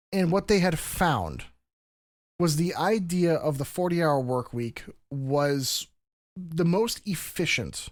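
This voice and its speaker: A man with a somewhat high voice co-hosts a casual podcast and lays out his points in long, run-on explanations, restarting phrases as he goes. The sound is close and dry, with no room around it. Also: dry recording. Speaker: podcast co-host.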